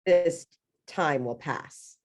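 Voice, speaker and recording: Low-voiced woman grief coach. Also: very slow. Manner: earnest, encouraging, emphatic. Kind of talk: casual interview chat.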